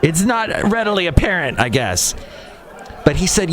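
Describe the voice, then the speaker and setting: A male podcast host talking solo in a sarcastic, rambling, self-deprecating way. His voice sits at an ordinary middle pitch, with a steady noise audible behind him. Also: normal speed. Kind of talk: solo comedy podcast monologue.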